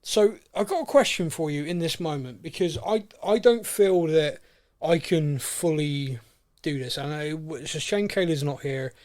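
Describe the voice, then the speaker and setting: Animated male podcast host. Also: fairly high pitch, moderate pace. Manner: excitable, acts out characters' lines. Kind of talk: casual chat.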